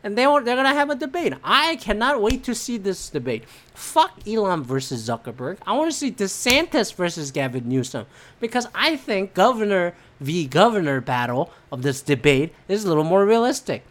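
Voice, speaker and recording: A woman's voice: mid-range voice, sing-song, moderate pace. A woman hosting a solo podcast, ranting about politics bluntly and profanely, rambling with lots of fillers and restarts. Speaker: podcast host. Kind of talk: solo political commentary rant.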